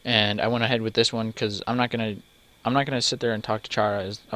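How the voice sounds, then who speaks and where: A man's voice: lowish voice, flat delivery, fast, fairly bright tone. Man reading a text game aloud. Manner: reads steadily, stumbles over names, breaks off for joking asides. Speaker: let's player.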